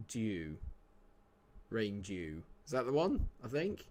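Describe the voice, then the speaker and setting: A man's voice: medium pitch, very animated, moderate pace. A man, chatting casually and joking with viewers while streaming a game. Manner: chatty, jokey, answers chat by name. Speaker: live-streamer. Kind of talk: casual live-stream chat.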